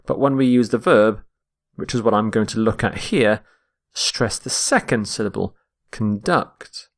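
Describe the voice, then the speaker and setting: A man teaching English vocabulary, explaining each word slowly and repeating it to show where the stress falls. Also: on the low side, gravelly. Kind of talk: slow, explained vocabulary lesson.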